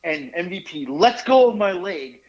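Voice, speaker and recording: A man's voice: high voice, animated, moderate pace, darkish tone. A man in his forties, a podcast host, telling a rambling, profane story with laughs and restarts. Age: 40s. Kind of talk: casual storytelling chat. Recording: dull lo-fi podcast audio.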